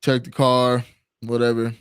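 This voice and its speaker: Dude guesting on a stream, rambly chatty tone, tons of fillers, dry sound. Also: male voice, medium pitch, completely flat delivery, unhurried, fairly bright tone, smooth, dry recording. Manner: rambling, filler-heavy storytelling. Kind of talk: casual live-stream chat.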